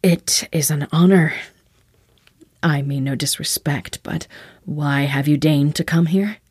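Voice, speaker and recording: A woman voicing a flustered male hornet-man official who speaks in a hushed, deferential way. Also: low voice, a little slow, slightly rough, no room sound, studio quality. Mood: nervous.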